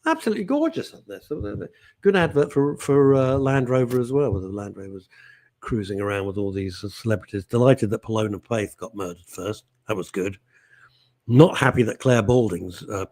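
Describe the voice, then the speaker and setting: A man's voice: mid-range voice, animated, normal speed, a little mellow. A middle-aged man hosting a talk show, chatty, jokey and opinionated, with bursts of indignation. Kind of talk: casual chat.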